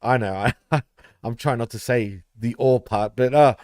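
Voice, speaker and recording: A man's voice: medium pitch, unhurried, a little mellow, dry recording, studio quality. A man, co-hosting a casual podcast chat with profane, laughing banter. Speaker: podcast co-host.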